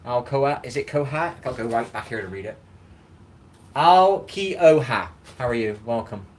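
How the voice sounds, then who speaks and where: A man's voice: mid-range voice, fast. A man hosting a live stream in casual chat, rambling, swearing and greeting viewers by name.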